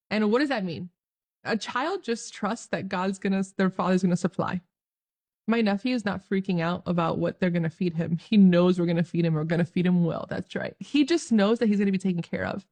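A woman's voice: mid-range voice, darkish tone. A young woman giving an earnest, joyful faith talk straight to her viewers, laughing often as she speaks. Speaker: Catholic speaker.

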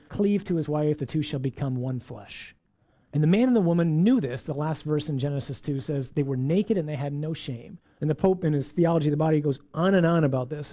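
Lively man teaching scripture, mellow voice. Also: on the high side. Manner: lively, playful asides, acts out voices. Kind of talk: faith talk on scripture.

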